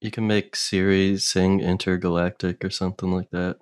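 Very low-voiced teasing male co-host. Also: level tone, moderate pace, smooth. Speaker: podcast co-host. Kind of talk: comedic banter. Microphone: video call.

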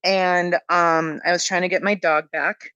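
A woman's voice: lowish voice, steady tone, measured pace, sharp tone, clean tone, dry recording, poor audio. A woman comedian telling a casual story, rambling and hesitant, with frequent ums and laughs. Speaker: comedian guest.

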